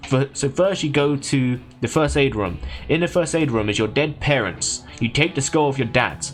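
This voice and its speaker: A man livestreaming, casually recapping a video game plot in a hurried, rambling way. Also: medium pitch, soft background music.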